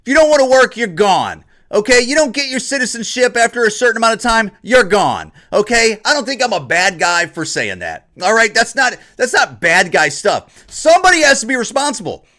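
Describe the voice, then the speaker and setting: A man's voice: very high-pitched, sing-song, fairly quick, hardly any pauses, pushed and bright. A man from Ohio hosting an opinion podcast, ranting in a repetitive, combative monologue and mocking others. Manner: mocks others in put-on voices. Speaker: podcast host.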